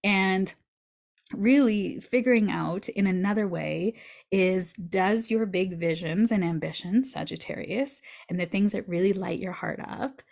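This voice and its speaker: A woman astrologer giving a weekly forecast in a chatty, animated way, with breezy asides. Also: medium pitch, a little slow, vocal fry.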